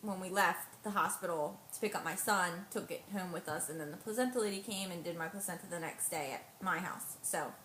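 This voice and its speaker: A young woman recounting a personal story to the camera, slipping into quoted dialogue with lively shifts. Her voice rings in a roomy, echoey space with a faint hiss underneath. The talk is casual and chatty, broken by laughs. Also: on the low side, fairly quick, hardly any pauses. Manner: animated retelling with quoted dialogue, laughing often. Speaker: vlogger. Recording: echoey room, faint noise.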